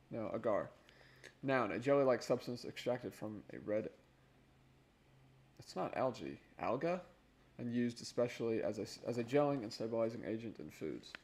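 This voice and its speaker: A man's voice: mid-range voice, a little mellow. Man casually reading a dictionary aloud. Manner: casual, self-correcting, chuckling at his own pronunciation. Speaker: vlogger.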